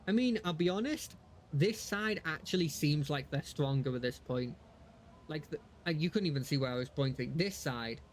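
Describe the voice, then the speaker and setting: A man's voice: fairly high pitch, expressive, normal speed, slight background noise. A man casually commenting as he plays a game live, chatting between lines of dialogue he reads aloud. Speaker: streamer.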